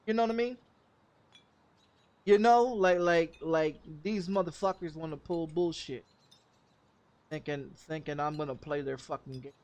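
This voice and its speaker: A man's voice: fairly high pitch, unhurried, long pauses, a little mellow. A man from Texas, a game streamer, telling an angry story in profane, cursing casual talk.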